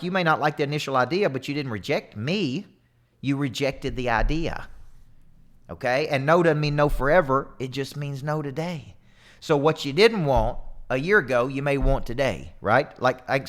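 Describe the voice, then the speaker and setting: A man in his forties giving an energetic, emphatic motivational talk as a coach, often repeating words for emphasis. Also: medium pitch. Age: 40s.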